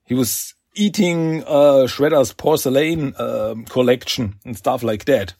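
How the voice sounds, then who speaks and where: A man's voice: medium pitch, unhurried, slightly rough, no echo, clean studio sound. A man hosting a podcast, casually recapping a comic with lots of fillers and laughs. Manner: animated, filler-heavy, laughs often. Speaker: podcast host.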